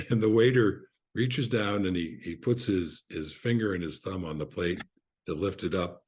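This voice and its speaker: An older man, a podcast guest, telling relaxed anecdotes in an unhurried way, often restarting his sentences. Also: sits low, slightly rough. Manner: unhurried storyteller with frequent restarts and fillers.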